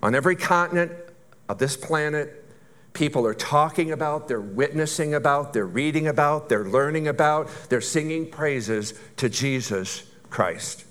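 A man with a fairly high voice preaches to his congregation. He speaks conversationally, asks his listeners questions and builds up long lists of phrases. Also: moderate pace, fairly bright tone. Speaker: pastor. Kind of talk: sermon.

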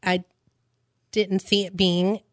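A woman's voice: medium pitch, level tone, dry recording, clean studio sound. Hesitant mother telling her story. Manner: hesitant, halting, with many fillers and restarts. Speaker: guest, parent. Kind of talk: radio talk show conversation.

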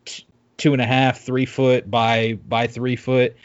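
A man recapping a video game in casual chat, rambling and halting with lots of fillers and restarts. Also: mid-range voice, flat delivery, dull audio.

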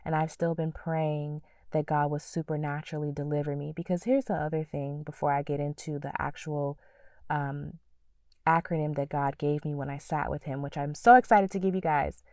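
Woman, low voice, dry close room, slightly distant mic, earnest spiritual talk. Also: fairly even intonation, moderate pace, dry recording. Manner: earnest, preacherly, with soft whispered prayers. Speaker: podcast host. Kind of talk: faith-based podcast teaching.

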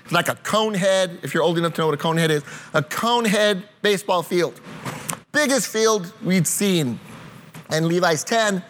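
High-voiced pastor preaching earnestly. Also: male voice, a bit bright. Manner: earnest, shifts between slow emphatic lines and quick storytelling. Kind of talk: sermon.

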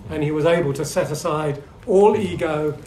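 A middle-aged man tells stories to a seminar audience, lively yet halting, with frequent ums and restarts. His voice sits a little high for a man. The room is echoey, with a faint hum behind him. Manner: hesitant, with many ums and restarts; lively storyteller. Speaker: seminar speaker. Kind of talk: anecdotal talk to a seminar audience.

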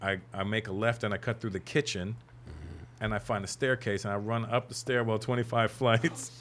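A man's voice: lowish voice, steady tone, normal speed, fairly bright tone, slight background noise. A man in his forties, a guest comedian, telling a story with lots of acted-out voices. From Canada. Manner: acts out voices, laughing through the telling. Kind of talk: animated storytelling.

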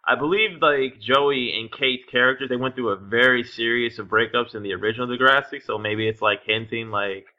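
A man's voice: medium pitch, a little fast, few pauses, dull audio. A man co-hosting a podcast, chatting casually, musing and laughing often and hedging with fillers. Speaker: podcast co-host.

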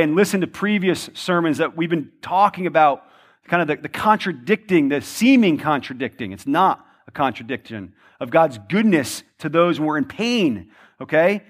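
Male pastor with a high voice, preaching in a chatty, questioning style. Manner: conversational preaching, frequent tag questions "right?"; repetitive rhetorical questioning. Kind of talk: sermon.

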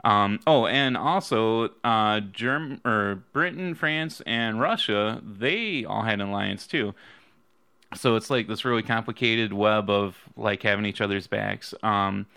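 A man's voice: lowish voice, measured pace, vocal fry, bright, forceful tone, clear, resonant tone, dry recording. A man casually explaining history in a loose, slangy, rambling way, often breaking into laughter.

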